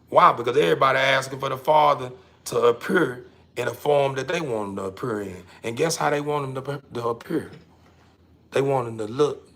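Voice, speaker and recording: Guy ranting and preaching at his camera, gravelly husky voice, keeps going loud then dropping low. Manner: emphatic, repetitive, swings between loud and low. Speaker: host of his own online show. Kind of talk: casual preachy monologue to camera.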